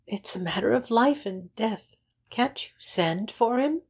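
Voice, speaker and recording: A woman's voice: a little high, lively intonation, a little slow, slightly rough, pitched above the performer's own voice, exaggerated voice. A woman voicing a distraught young aristocratic woman who pleads in breathless outbursts. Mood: frantic.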